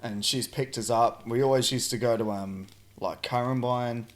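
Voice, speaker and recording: A man's voice: mid-range voice, moderate pace. Laid-back young Australian man yarning. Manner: relaxed, laid-back storytelling with frequent "like" and swearing. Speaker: podcast host. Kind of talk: casual chat.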